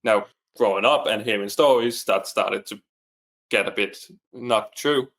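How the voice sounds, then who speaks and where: A man speaks in a somewhat low voice, earnest and reflective as he shares his experience. He is a single father and coaching client in a casual interview chat. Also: unhurried, gravelly, fairly bright tone.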